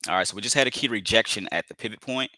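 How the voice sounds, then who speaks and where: A man's voice: on the low side, very fast, sharp tone, no room sound. A man giving live commentary on his trades, repeating phrases, filling with "you know" and calling viewers family as he talks himself into staying patient.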